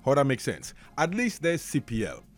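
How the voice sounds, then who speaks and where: A man with a Trinidadian accent, hosting a radio show with casual chat and live ad reads, animated and excitable. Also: mid-range voice, moderate pace, soft background music. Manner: animated, excitable, slips into dialect rants. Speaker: radio host.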